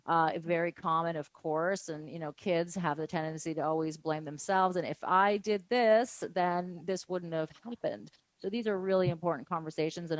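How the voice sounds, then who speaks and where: Gentle woman radio host, dry sound. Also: fairly low pitch, no echo, rough recording. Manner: gentle, affirming interviewer with frequent fillers. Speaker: radio talk show host. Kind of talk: radio interview conversation.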